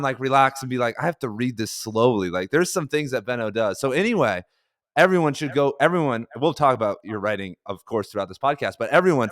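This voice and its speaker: A man at a middle pitch hosts a laid-back podcast, piling on eager, slangy praise. His voice is close and dry, with no room sound. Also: a bit bright, no echo. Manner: enthusiastic, slangy, hyped. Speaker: podcast host. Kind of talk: casual podcast interview.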